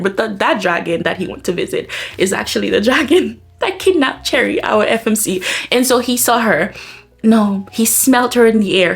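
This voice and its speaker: A book vlogger chats casually in her review video, excited, laughing often and saying "like" a lot. Her voice is mid-range with vocal fry.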